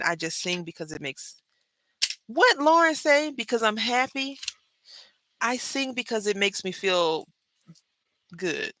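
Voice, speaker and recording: A woman hosting a craft channel, chatting with viewers while she makes a card, calling them "y'all" and jumping between loud remarks and hushed asides. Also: fairly low pitch, no room sound. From Brazil. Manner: chatty, talks straight to viewers, lots of "y'all". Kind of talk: casual chat while crafting live.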